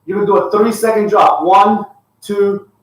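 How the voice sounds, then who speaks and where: A fitness coach leading a live workout, counting reps aloud and giving upbeat cues. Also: male voice, high voice, steady tone, normal speed. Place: home workout space with a dog. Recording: echoey room, far from the mic.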